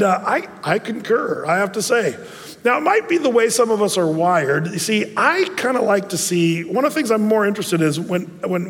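Male pastor, high voice, chatty digressive sermon with long hall reverb. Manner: conversational, digressive, with many restarts.

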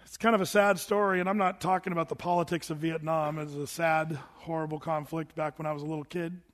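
A man in his sixties gives a sermon as a pastor, talking to the congregation in a loose, conversational way and now and then mimicking other people's voices. His voice sits high for a man. The sound rings with the long reverb of a big hall. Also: quick pace. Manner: conversational preaching, animated, mimics voices for effect.

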